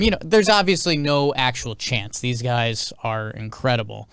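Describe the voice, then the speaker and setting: Smooth-voiced man telling a rambling story. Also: mid-range voice, lively intonation, normal speed, hardly any pauses, a bit bright, no room sound, studio quality. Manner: rambling storyteller, lots of "like" and restarts. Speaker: podcast co-host. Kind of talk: casual chat.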